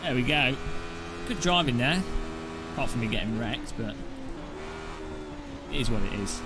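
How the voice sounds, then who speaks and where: A man's voice: medium pitch, animated, moderate pace, background noise. A man giving casual, jokey commentary over his sim racing gameplay and laughing often.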